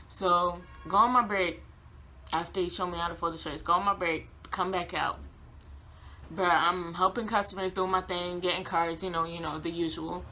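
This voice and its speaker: Young woman doing a storytime vlog, bright voice, laughs a lot, acts out what people said. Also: normal speed, slight background noise. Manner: animated, laughs often, acts out quotes with high voice. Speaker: vlogger. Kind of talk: casual storytime.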